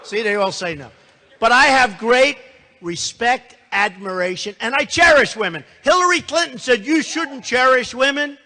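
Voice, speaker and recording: A man's voice: very high-pitched, animated, moderate pace, pushed and bright. An older man giving a boastful, rambling campaign speech to a live audience, repeating himself and tossing asides to the crowd. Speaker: political candidate. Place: large hall before a live audience. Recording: long hall reverb.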